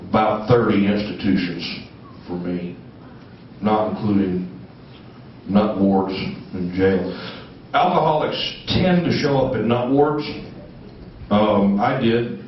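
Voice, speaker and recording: A man's voice: lowish voice, slight background noise. Folksy man telling his story in an echoey hall. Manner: folksy, humorous, acts out voices in his story. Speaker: recovery speaker. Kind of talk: storytelling talk to an audience. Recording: distant echoey hall recording, dull.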